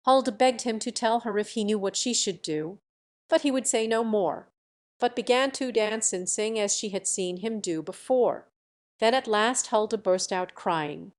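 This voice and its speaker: A woman reads a storybook tale aloud in a steady, measured voice. Her pitch sits in the middle range. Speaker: audiobook narrator. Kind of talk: storybook narration.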